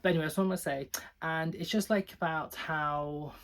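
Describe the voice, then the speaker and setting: A man's voice: fairly high pitch, steady tone, fairly quick, a bit bright. A man chatting casually through book reviews, rambling and filling his talk with "like". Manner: rambling, peppered with "like"; chatty and giggly. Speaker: book vlogger.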